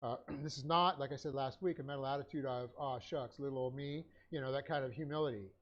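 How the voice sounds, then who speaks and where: A man's voice: medium pitch, quick pace, lo-fi sound. A man teaching a Bible class, dictating notes with punctuation and many hesitant fillers.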